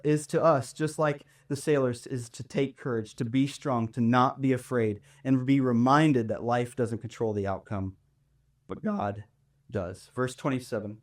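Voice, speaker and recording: A man preaches a sermon to his congregation, talking in an easy, conversational way and often checking in with a quick "right?". His voice sits a little high for a man. He is picked up from some distance in the church sanctuary. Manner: conversational preaching, tag questions. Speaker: pastor.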